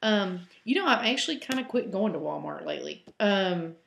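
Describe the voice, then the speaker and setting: Chatty Southern woman with vocal fry. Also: medium pitch, animated, normal speed, fairly bright tone, a little hiss or hum. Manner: chatty and rambling, with many ums. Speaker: home cook answering reader questions. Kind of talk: casual question-and-answer vlog. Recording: roomy echo.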